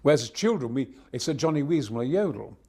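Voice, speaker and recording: Gravelly booming man, theatrical. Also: expressive, a little fast, a little mellow. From Yorkshire, England. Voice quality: booming, theatrical, tumbling repetitions. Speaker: interview guest, voice actor. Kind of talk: exuberant anecdotal chat.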